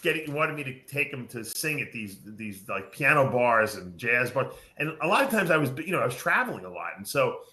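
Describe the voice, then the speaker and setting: A man's voice: mid-range voice, sing-song, a little fast, hardly any pauses, bright, forceful tone. A man hosting a podcast, chatting casually and explaining things at length with lots of fillers. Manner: rambling, explanatory, many fillers. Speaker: podcast host.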